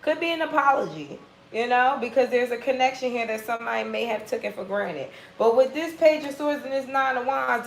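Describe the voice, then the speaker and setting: A woman giving a casual tarot reading in a blunt, profane, animated way. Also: sits high, brisk, echoey room, low-quality recording. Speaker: tarot reader.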